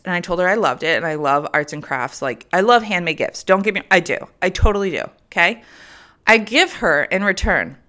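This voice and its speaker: In her vlog, a young woman who has three kids shares a funny story with viewers, casual and chatty, with plenty of laughter and free swearing. Her voice sits at medium pitch with a sharp tone.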